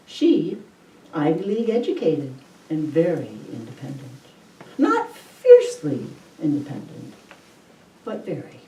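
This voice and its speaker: Wry woman storyteller, mellow and unhurried, live stage sound from off the mic. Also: mid-range voice, recorded from a distance. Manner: wry, deliberate, savoring details. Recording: roomy hall, voice from the mic.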